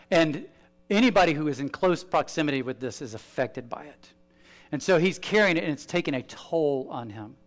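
A man preaching a sermon with a slightly raised pitch. He talks in an animated way, pushing some lines out loud and dropping others to a near hush. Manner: animated, swings from loud emphasis to hushed asides. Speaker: pastor.

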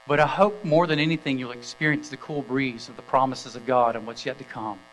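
A man's voice: medium pitch, steady tone, moderate pace, fairly bright tone, slight background noise, poor audio. A middle-aged man preaching a sermon, telling a story in an easy, conversational way with small fillers, then reading scripture aloud. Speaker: pastor.

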